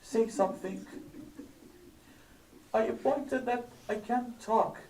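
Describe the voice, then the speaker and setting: A man telling a tearful story at a religious gathering, his voice rising higher and louder as the story builds. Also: slow, roomy sound, recorded from a distance, a little hiss or hum, low-quality recording. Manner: grows louder, higher and crying-like as the story peaks. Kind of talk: emotional story sermon. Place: mosque hall.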